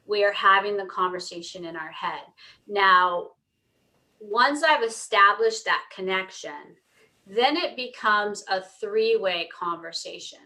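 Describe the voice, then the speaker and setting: Earnest middle-aged woman guest, bright clear tone, storytelling podcast talk. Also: lowish voice, rough recording. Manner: earnest, storytelling, acts out dialogue. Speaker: pet communicator guest. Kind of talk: conversational interview explanation.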